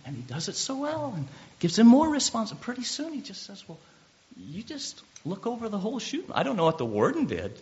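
A man preaching a sermon, animated and stumbling over repeated words as he builds his points. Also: sits high. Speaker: pastor. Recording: dull lo-fi recording.

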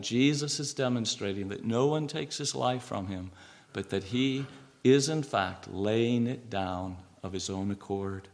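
A man preaching a sermon, reading scripture slowly and swinging between a hushed voice and raised, emphatic lines. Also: medium pitch, creaky. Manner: reads scripture aloud with slow emphasis.

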